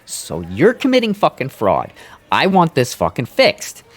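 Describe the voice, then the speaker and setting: A man's voice: mid-range voice, wildly swooping pitch, measured pace. A man streaming live, telling a long rant in a casual, exasperated way with plenty of profanity. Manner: exasperated, profane, building anger.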